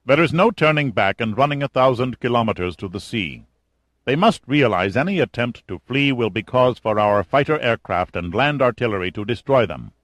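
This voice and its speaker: A man's voice: medium pitch, animated, normal speed, a bit bright, no echo, voice pushed up, natural voice. A man voicing a cold, irritable military general in an audiobook reading. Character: cold, menacing middle-aged male general.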